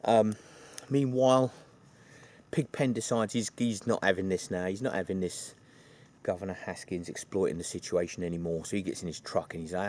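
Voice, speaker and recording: Low-voiced chatty man. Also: steady tone, moderate pace, a little mellow. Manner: rambling and chatty, with many fillers and asides. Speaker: film reviewer. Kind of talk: casual retelling of a film plot.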